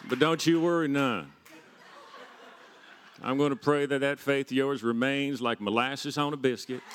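A man's voice: mid-range voice, moderate pace, noisy background, lightly acted. A man putting on a Southern US accent to voice a folksy, cheerful Jesus in a playful sermon aside. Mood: reassuring. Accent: Southern US (put on). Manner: drawling, playful, laughing.

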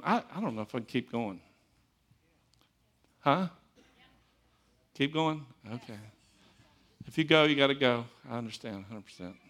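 A man preaching a sermon as a pastor, telling stories in an animated, conversational, folksy way. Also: a little high.

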